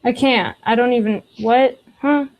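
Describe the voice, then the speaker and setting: A woman's voice: a little high, a little slow, a little mellow, poor audio. A woman co-hosting a casual chat, exasperated and swearing while she scrolls for a comment. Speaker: co-host.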